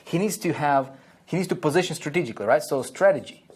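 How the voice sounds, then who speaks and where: A man's voice: a little high, lively intonation, fast, husky. A man teaching online marketing at a whiteboard, repeating key phrases and checking in with "okay?" and "right?" after nearly every point.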